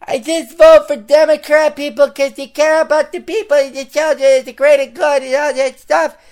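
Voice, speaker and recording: A man mimicking a high, sing-song woman. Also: little pitch movement, normal speed, a little mellow. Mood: mocking. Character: mocked naive woman voter, high and airy.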